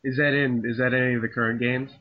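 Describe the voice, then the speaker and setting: Young guy interviewer, eager fan questions, casual, muffled low-fi audio. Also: little pitch movement, quick pace. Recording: dull lo-fi recording.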